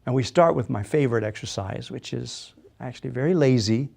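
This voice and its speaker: A man's voice: mid-range voice, brisk, gravelly, a little mellow. A man leading a guided voice exercise class, patiently coaching and demonstrating yawns and sung tones. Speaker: voice and speech exercise instructor.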